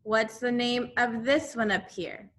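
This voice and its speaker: A woman teaching a second grade class remotely, slowly repeating drills for the children. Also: on the high side, steady tone, fairly bright tone.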